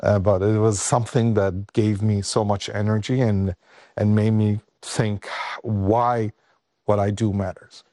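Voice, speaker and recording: A male guest, not an English speaker, recounting a personal story with halting restarts, his voice rising when he is moved. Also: lowish voice, level tone, dark tone, no echo, studio quality.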